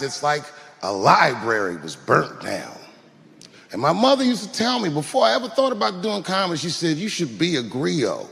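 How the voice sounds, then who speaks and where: A man speaking on stage in a slightly high voice, reflective and personal as he talks to his mother. The sound carries a long reverb from a large venue. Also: vocal fry, fairly bright tone. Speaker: comedian. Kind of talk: heartfelt stage speech.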